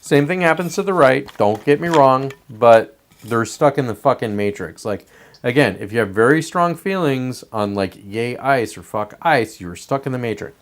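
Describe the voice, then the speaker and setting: A man's voice: medium pitch, expressive, normal speed. A man hosting a show, delivering a blunt, profanity-laced political commentary monologue. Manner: profane, emphatic ranting. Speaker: podcast host.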